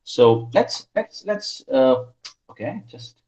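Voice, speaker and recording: A man teaching an online class, quizzing his students by name in a lively way. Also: medium pitch, takes it slowly. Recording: roomy, dull lo-fi online call audio.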